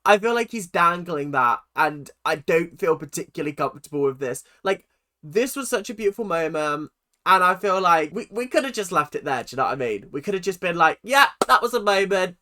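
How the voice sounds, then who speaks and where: An excitable reaction host with a bright, sharp voice at middle pitch, talking casually and emotionally while watching an episode. Swears and exclaims often, swinging between gushing and outrage. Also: fairly quick.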